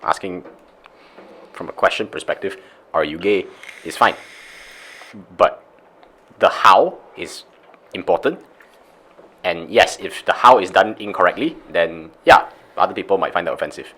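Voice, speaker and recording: A young man with a deep voice gives his opinion slowly and carefully. He sets out each point in order, in a calm, casual chat. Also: breathy edge. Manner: measured, deliberate. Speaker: podcast co-host.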